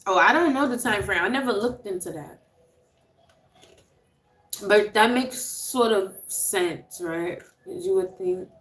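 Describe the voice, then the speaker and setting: A woman's voice: medium pitch, takes it slowly, pauses often, fairly bright tone. A woman, chatting casually with viewers on a livestream, laughing often and reading out names. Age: 30s. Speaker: livestream host. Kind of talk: casual live chat with viewers. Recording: roomy echo.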